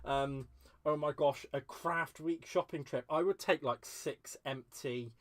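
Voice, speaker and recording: A man with a voice a touch higher than most men's, talking casually as he crafts live at home. He gushes over his supplies and chats back to viewers' comments in a friendly, rambling way. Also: a little slow. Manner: chatty, gushing, answers viewer comments aloud. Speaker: crafting livestream host. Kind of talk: casual live-stream chat while crafting.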